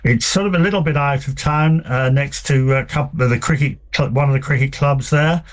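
A man, a book author answering interview questions in a relaxed, hesitant way with many fillers. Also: mid-range voice, normal speed. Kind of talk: conversational interview.

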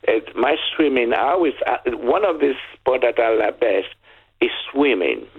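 A caller in their sixties, telling stories in an animated way on a radio phone-in. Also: medium pitch, normal speed, breathy edge. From Nigeria. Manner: animated storytelling. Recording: tinny phone line.

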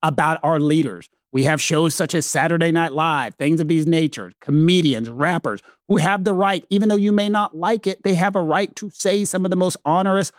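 A man with a Southern American accent holds forth on legal matters in a lecturing, emphatic way, stacking repeated phrases. His voice sits high for a man, and the recording is dry and close. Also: a little fast, few pauses, no room sound. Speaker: legal commentator co-host. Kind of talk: podcast discussion.

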